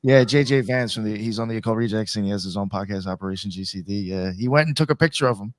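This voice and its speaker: Guy cohosting a podcast, kinda muses out loud, hunts for words, dry close mic. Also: fairly low pitch, quick pace, dry recording. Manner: musing, searching for words. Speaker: podcast co-host. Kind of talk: casual chat.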